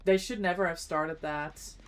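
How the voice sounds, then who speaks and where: A woman's voice: lowish voice, steady tone, unhurried. A woman streamer chatting casually with viewers while gaming, reacting to the play and greeting chat, eating as she talks.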